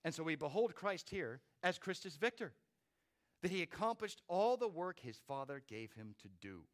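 A man's voice: a little high, big pitch swings, normal speed. A man preaching a sermon with dramatic rises and drops in volume. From not from Australia. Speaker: pastor.

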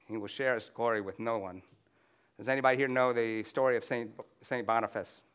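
A man's voice: medium pitch, fairly even intonation, brisk, fairly bright tone, clear, resonant tone. A man preaching a conversational sermon to a room, reading scripture aloud and often restarting with "you know.". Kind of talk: sermon with slides.

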